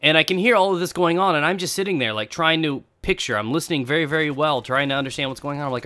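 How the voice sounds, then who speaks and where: A man's voice: fairly high pitch, fast, few pauses, bright, forceful tone. A man, a gaming video creator, casually telling a rambling personal story to his viewers, swearing freely. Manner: speaks to viewers directly. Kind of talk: casual storytelling over gameplay.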